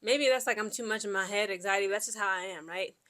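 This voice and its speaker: A woman's voice: medium pitch, fast. A woman from Central Ohio, telling personal stories in a vlog. She rambles, fills her talk with "like" and "okay?", and acts out what other people said to her. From Central Ohio, USA. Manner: chatty and rambling, peppered with "like" and "okay?"; quotes people in lively back-and-forth. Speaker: Air Force veteran vlogger. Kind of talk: casual personal storytelling.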